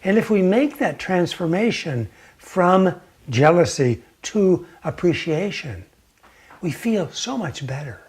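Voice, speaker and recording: A man giving a gentle teaching talk, telling a story slowly and sometimes dropping to a near whisper. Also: high voice, sing-song, husky. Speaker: meditation teacher.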